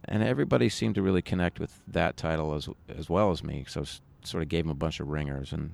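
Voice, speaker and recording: Gravelly low-voiced man, rambling. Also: quick pace, a little mellow. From United States. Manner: rambling, with many restarts. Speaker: musician guest. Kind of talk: conversational interview.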